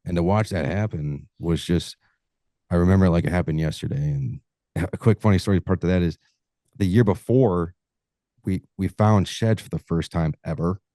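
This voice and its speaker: Man, low voice, mellow and dry, casual, swears, storytelling. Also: normal speed, no room sound. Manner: casual, swears freely, acts out stories. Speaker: podcast guest, hunting show host. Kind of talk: casual interview chat.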